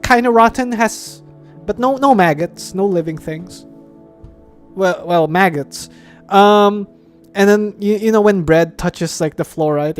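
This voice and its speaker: Rambling, playful streamer from the Philippines. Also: medium pitch. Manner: rambling, playful, swears and laughs often. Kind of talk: casual live-stream chat. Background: background music.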